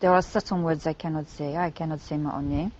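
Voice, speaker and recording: An older woman answers interview questions in short, clipped phrases, leaving out small words. Her voice sits lowish, and the old broadcast clip sounds dull and lo-fi. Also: steady tone, fast talker, darkish tone, slight background noise.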